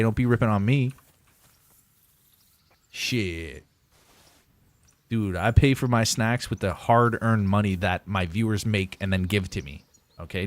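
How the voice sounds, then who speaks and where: A young man with a fairly low voice chats through a live gaming stream, joking and rambling with his viewers. His banter is loose and profane, spoken close to a desk microphone. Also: no room sound. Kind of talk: casual gaming livestream chat.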